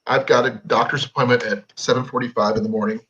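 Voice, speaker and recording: A male host speaks in short, matter-of-fact remarks during casual livestream chat. His voice is husky. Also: mid-range voice, steady tone, fast, fairly bright tone, muffled recording. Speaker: show host.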